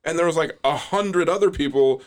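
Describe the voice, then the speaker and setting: A man's voice: a little high, fairly quick. A man hosting a casual chat, telling stories with plenty of swearing. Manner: swearing, animated storytelling.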